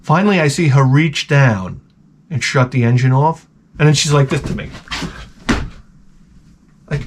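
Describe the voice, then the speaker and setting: A man telling a story in a casual vlog rant, animated and profane with many restarts. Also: medium pitch, unhurried, long pauses. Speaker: vlogger.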